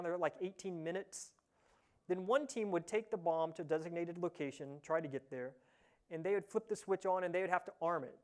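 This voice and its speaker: Chatty man giving a tech talk. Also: fairly high pitch. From Ohio, USA. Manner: relaxed, chatty, many "uh" fillers. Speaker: conference presenter. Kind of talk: casual tech talk with live demo. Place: conference session room.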